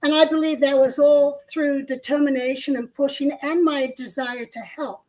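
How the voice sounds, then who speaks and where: A woman's voice: high voice, steady tone, normal speed, darkish tone, poor audio. An older woman co-hosting a casual discussion, telling stories in an earnest way. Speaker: co-host. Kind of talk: casual chat.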